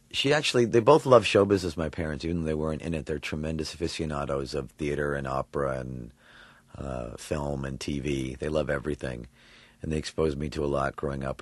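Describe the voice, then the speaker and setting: A man from New York, a voice actor, answering interview questions in an animated way, laughing often and thinking aloud with fillers. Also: extremely low pitch, no room sound. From New York, USA. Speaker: voice actor guest.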